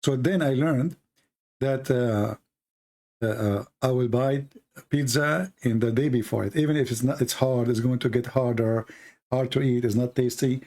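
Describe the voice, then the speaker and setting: A man's voice: mid-range voice, fairly even intonation, normal speed, a little mellow. A man hosting an online show, speaking in casual, mocking commentary. He rambles with restarts and grammar slips, laughing at his own jokes. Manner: rambling with frequent restarts and fillers; non-native English with grammar slips.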